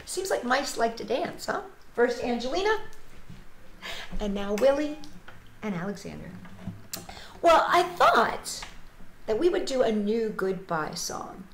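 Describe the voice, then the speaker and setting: A woman children's storyteller reading a picture book aloud, expressive and playful, talking to young viewers at home. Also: fairly high pitch, a little slow, background noise. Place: home, livestreamed. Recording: roomy home livestream audio.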